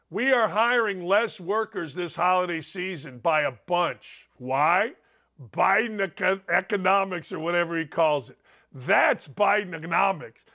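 High-voiced fired-up male talk host. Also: vocal fry. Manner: fired up, loud and enthusiastic, sarcastic asides. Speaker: show host. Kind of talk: energetic sports talk show.

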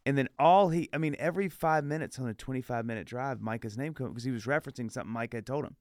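A man's voice: medium pitch, rapid-fire, few pauses, dry recording, clean studio sound. A man hosting a casual podcast chat, telling a heartfelt story with lots of restarts and fillers. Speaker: podcast host.

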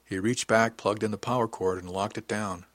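A man narrating an audiobook in steady, matter-of-fact first-person storytelling. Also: on the low side, moderate pace, no room sound.

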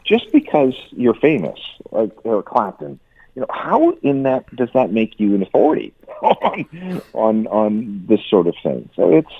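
A man commenting on the music industry in a radio interview, stammering and repeating words with an animated delivery. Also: lowish voice, a little slow, vocal fry, slightly rough, no room sound. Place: lives in Canada. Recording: tinny phone line.

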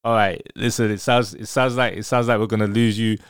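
A man's voice: on the low side, steady tone, brisk, a little hiss or hum. A man hosting a podcast, talking casually and enthusiastically with a guest. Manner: enthusiastic, effusive. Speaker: podcast host. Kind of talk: casual interview.

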